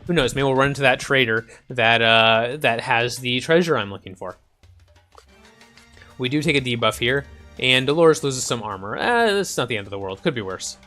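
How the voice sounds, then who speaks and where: Man, casual game commentary, chatty, animated pitch, faint music behind. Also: normal speed. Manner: chatty, reads game text aloud. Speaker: gaming channel host. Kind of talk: casual let's-play commentary.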